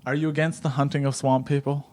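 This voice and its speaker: A man's voice: mid-range voice, level tone, fast, darkish tone. A man hosting an improvised comedy podcast interview, rambling and stammering, often cracking up. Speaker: podcast host.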